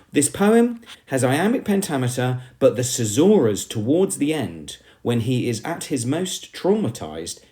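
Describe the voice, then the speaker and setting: A man's voice: medium pitch, mellow. A male teacher with an English accent giving an emphatic poetry lesson, often calling the class "everybody".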